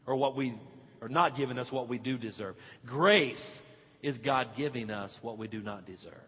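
Male pastor, sermon delivery with big loud-soft swings, dull lo-fi church recording. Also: medium pitch, normal speed, breathy edge. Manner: preaching with sweeping swings from quiet to loud, stretching key words. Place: church sanctuary. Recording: dull lo-fi audio with long hall reverb.

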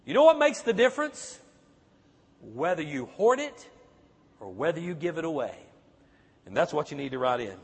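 A man's voice: fairly high pitch, sing-song, moderate pace, long pauses, husky. A man preaching a sermon, pressing the congregation with emphatic rhetorical questions. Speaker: pastor. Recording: echoey hall, long reverb.

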